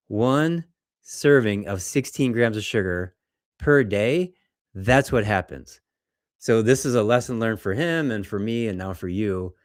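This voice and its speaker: A man, a doctor, presenting lab results in a lecture, telling patient stories in a conversational, animated way and acting out what patients said. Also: lowish voice, no room sound, clean studio sound. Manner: conversational, animated storytelling, acts out patients' words.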